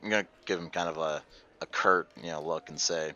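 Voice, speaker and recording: A man's voice: sits low, fairly even intonation, brisk, bright, forceful tone. A man playing a tabletop game, easygoing and amused. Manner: amused, easygoing, laughs often. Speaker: player. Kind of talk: casual tabletop play. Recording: dull lo-fi audio.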